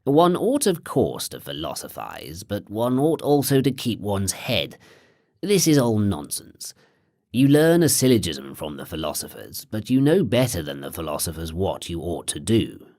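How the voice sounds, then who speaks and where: A man's voice: lowish voice, very animated, normal speed, darkish tone. A man reading the lines of a condescending, white-haired rich old man, in a patronizing, lecturing manner.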